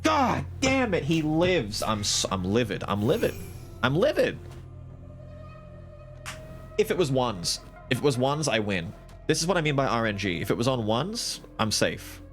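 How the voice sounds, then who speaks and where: A male streamer commentates a bluffing card game live, cursing and taunting his opponents. His pitch leaps around animatedly. Faint music plays behind him. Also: moderate pace. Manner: profane, trash-talking, swings to loud excited outbursts.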